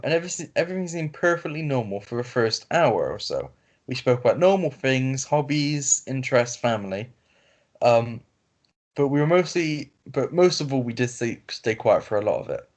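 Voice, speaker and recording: A man reads an online story aloud to his co-host over a call, stumbling and restarting often. His voice sits in a middle pitch, with fillers scattered through the reading. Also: lively intonation. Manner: reads haltingly with fillers and self-corrections. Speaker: podcast co-host reading stories. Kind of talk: casual chat, reading aloud. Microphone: video call. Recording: lo-fi call audio.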